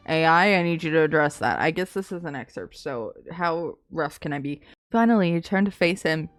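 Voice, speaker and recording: A woman reading fanfiction aloud, hushed and soft in the story parts, with excited comments in between. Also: on the low side. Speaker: content creator.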